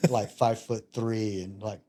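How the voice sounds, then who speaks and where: A man in his fifties, a retired Navy chief and podcast guest, telling casual stories with animated, self-mocking humor and acting out other people's lines. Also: fairly low pitch, a little slow. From United States. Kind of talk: casual storytelling.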